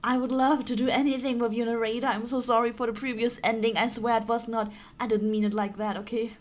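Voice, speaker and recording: A woman's voice: on the high side, flat delivery, quick pace. A woman streaming a video game, chatting casually with a giggly, dramatic and apologetic manner. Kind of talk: casual live-stream gaming commentary.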